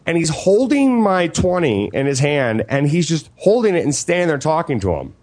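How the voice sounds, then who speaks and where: A man co-hosting a casual chat, retelling an encounter in an animated, profane way. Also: on the high side, normal speed.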